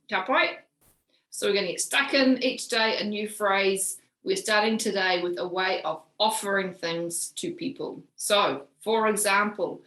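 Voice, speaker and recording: A woman with a New Zealand accent teaching a short spoken language lesson, upbeat and checking in with her viewers, saying each example phrase slowly and clearly. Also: medium pitch, fairly bright tone, echoey room, low-quality recording. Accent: New Zealand English. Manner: upbeat, checks in with "ka pai?" and "right?".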